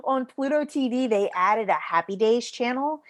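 A middle-aged woman co-hosting a casual podcast chat, chatty and expressive, laughing often. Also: on the high side, moderate pace, no echo, clean studio sound. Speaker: podcast co-host.

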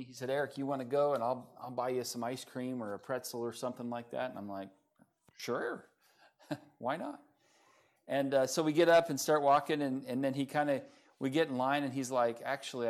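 A middle-aged man preaching a sermon, telling stories in a relaxed, conversational way with many fillers and small chuckles. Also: mid-range voice. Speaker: pastor.

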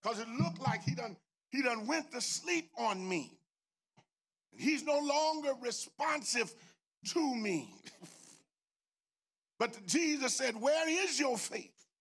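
A man preaching a whooping revival sermon as a bishop, shouting, chanting and half-singing hymn lines to a congregation. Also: very high-pitched, expressive, slow, long pauses, husky.

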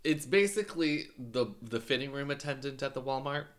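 A man's voice: medium pitch, lively intonation, a little fast, a bit bright. A man co-hosting a casual podcast, goofy and rambling, often searching for his words. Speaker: podcast co-host. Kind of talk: casual chat.

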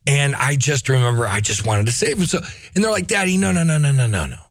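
A middle-aged man hosts a casual podcast, ranting in a profane, animated way. His pitch leaps up and down expressively. The sound is dry and close, with no room echo. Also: quick pace. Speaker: podcast host. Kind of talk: casual opinionated chat.

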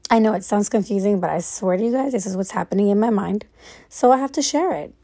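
A woman's voice: mid-range voice, quick pace, mellow. A woman lying in bed at night, rambling casually through her own thoughts in a reflective monologue and swearing freely.

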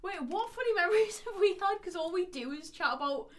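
A young woman co-hosting a casual podcast chat, giggling often and breaking into loud laughter. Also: very high voice, lively intonation, fast talker, slight background noise. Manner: giggly, bursts into loud laughter and silly voices. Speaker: podcast co-host.

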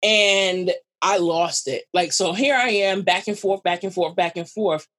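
Woman, interview guest; animated, quotes people with voices, salty language. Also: lowish voice, moderate pace, slightly rough. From New York. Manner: animated, acts out quoted voices, swears freely. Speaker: guest, runner and writer. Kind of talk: casual storytelling interview.

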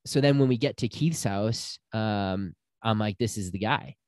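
A man's voice: fairly low pitch, a little slow, no room sound, studio quality. A young man telling a personal story in casual chat, acting out the people he quotes. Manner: animated storyteller, acts out quotes.

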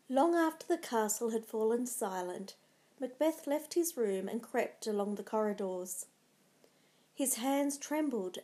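A woman narrating a storybook tale in a calm, deliberate reading voice. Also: mid-range voice.

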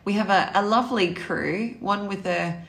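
A woman's voice: medium pitch, moderate pace, vocal fry, a bit bright. A woman co-hosting a podcast, telling stories expressively and laughing often. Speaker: podcast co-host. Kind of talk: casual chat. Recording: echoey room.

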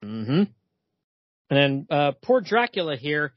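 A man's voice: a little high, sing-song, takes it slowly, no echo. A man co-hosting a casual podcast about comic books, reading the dialogue aloud in loosely acted voices. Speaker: podcast co-host. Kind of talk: casual comic book discussion. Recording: dull, lo-fi, dry podcast audio.

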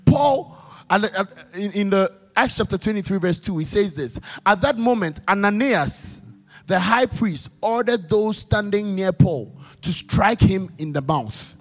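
A man's voice: high-pitched, expressive, unhurried. A man preaching a sermon at a church service, emphatic and repetitive, calling out questions to the congregation. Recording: long hall reverb with faint music.

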